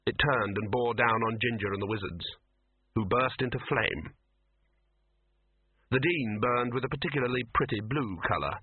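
A man narrates a story with dry, wry delivery and a husky, breathy tone. The recording is narrow and tinny, like a phone line, and sounds close and dry. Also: mid-range voice, fairly even intonation, normal speed, pauses often, dry recording. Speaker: audiobook narrator. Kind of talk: scripted narration.

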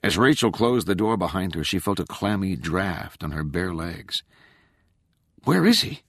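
A man narrating an audiobook in a measured, expressive way. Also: low-pitched, slightly rough, no room sound, clean studio sound.

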